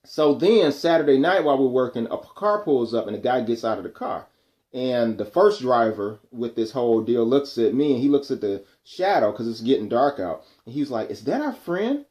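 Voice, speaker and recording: Man, casual storytelling, animated, acts out dialogue, everyday voice. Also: mid-range voice, moderate pace. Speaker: vlogger telling a work story.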